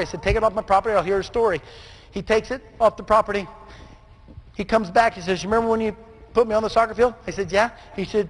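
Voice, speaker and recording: A man giving a motivational speech to a live audience, often shouting and calling for responses. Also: high voice. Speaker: motivational speaker.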